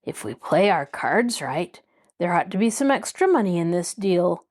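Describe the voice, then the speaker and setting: A woman's voice: medium pitch, fairly quick, natural voice. A woman reading the part of a scheming young male kidnapper in an audiobook, speaking in a sly, demanding way.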